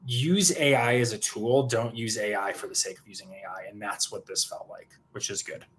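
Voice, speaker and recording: A man's voice: fairly low pitch, fairly even intonation, normal speed, fairly bright tone, slight background noise. A man co-hosting a livestream in casual chat, rambling and restarting his sentences. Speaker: co-host.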